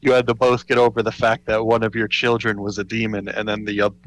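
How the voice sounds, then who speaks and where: Low-key wry man in casual chat. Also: level tone, fast, fairly bright tone, poor audio.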